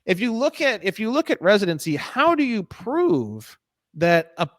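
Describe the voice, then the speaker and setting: A man in a casual interview, talking in an animated, profane, ranting way. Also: high-pitched, moderate pace, no room sound. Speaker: guest.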